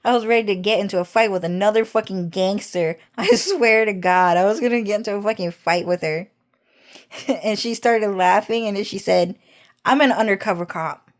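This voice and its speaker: A woman's voice: medium pitch, normal speed. A young woman vlogger telling a meandering story in casual speech, repeating herself, swearing often and laughing as she talks.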